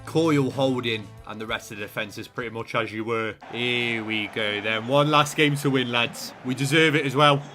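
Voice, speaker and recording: A man talks through a football video game in a mid-pitched voice, full of banter and sudden shouts when a chance comes. Faint music runs underneath. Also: moderate pace, hardly any pauses. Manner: excitable, shouts at goals, banter. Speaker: gaming YouTuber. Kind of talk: video game play-by-play commentary.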